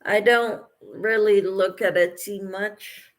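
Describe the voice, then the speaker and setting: A woman's voice: mid-range voice, steady tone, slow. A woman hosting a casual crochet livestream, reading viewer comments aloud and answering them, tired late at night.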